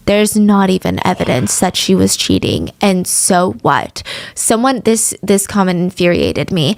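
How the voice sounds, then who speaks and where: A woman hosts a true-crime podcast, telling the case in a lively way and openly showing her outrage. Her voice sits at a middle pitch and sounds close and dry, with no room around it. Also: measured pace, creaky, no room sound. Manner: animated and indignant commentary. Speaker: podcast host.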